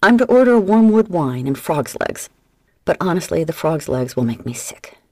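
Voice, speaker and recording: A woman's voice: low-pitched, big pitch swings, moderate pace, dark tone, no echo. A woman voicing a stiff soggy solicitor. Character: soaked miserable male solicitor.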